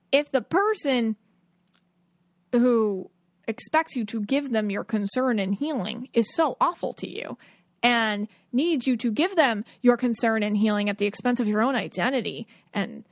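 A woman in her thirties talks through her podcast in a casual, earnest way, full of "like" and little laughs. Her voice sits a bit high, and the sound is dry and close, with no room around it. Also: dry recording. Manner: earnest, chatty advice-giving with frequent "like" and laughs. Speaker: podcast host. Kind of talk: casual solo podcast talk.

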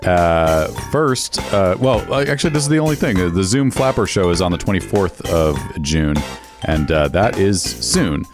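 Music runs in the background while a male podcast co-host, low-voiced with lively intonation, reads relaxed show plugs at normal speed. His delivery is loose, punctuated by chuckles and self-corrections.

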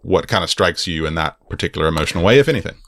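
A man co-hosting a podcast, retelling film dialogue in a halting way, full of restarts. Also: low voice, expressive, a bit bright, no room sound, studio quality. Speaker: podcast co-host. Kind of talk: casual film discussion.

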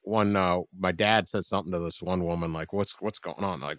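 A man with a fairly low voice recorded close on a dead, dry mic. He tells a personal anecdote in loose, rambling podcast chat, building energy toward the funny bits. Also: fairly even intonation, fairly quick, fairly bright tone, no room sound. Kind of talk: casual storytelling on a podcast.

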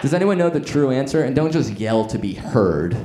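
A man's voice: medium pitch, sing-song, a little fast. A man co-hosting a comedy podcast before a live audience, playful and laughing often. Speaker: podcast co-host. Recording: echoey live room, crowd noise.

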